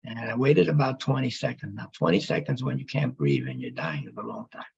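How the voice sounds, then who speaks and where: Male speaker, rough gravelly rasp, halting emotional testimony, muffled sound. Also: lowish voice. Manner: halting, emotional, with pauses and restarts. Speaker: speaker telling his near-death story.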